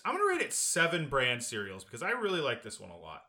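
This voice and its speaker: A man's voice: medium pitch, wildly swooping pitch, fast talker, pushed and bright. A man co-hosting a podcast, chatting casually about a sitcom episode, giggling and quoting lines in playful voices. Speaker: podcast co-host.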